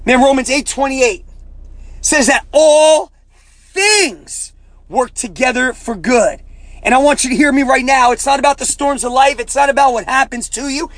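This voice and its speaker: A man hosting a motivational podcast as a life coach, talking in an emphatic, preacher-like way, often saying "man" and rising to near-shouting at the peaks. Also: very high-pitched, moderate pace, no room sound.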